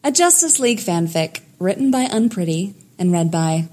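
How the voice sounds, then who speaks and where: A woman narrating a fan fiction story in a lively storytelling manner. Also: fairly low pitch, moderate pace.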